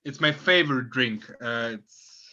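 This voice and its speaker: A man's voice: medium pitch, measured pace, pushed and bright, muffled recording. A man playing in a tabletop game, speaking hesitantly and searching for words. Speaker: player.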